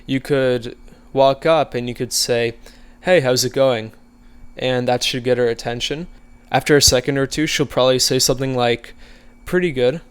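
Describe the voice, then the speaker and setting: Man, smooth resonant voice, mid pitch, casual instructional talk, relaxed, filler words. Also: moderate pace. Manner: relaxed, conversational, with frequent fillers. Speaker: social skills coach.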